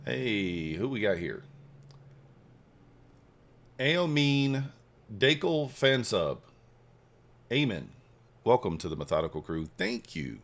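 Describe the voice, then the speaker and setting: A man hosting a trading livestream, casually reading and answering viewer chat while he trades, swinging between hyped shout-outs and quiet muttering. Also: low voice, a little slow, creaky, pauses often. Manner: hypes viewers, reads chat aloud, shifts from excited shouts to mumbling. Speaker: livestream host, futures trader.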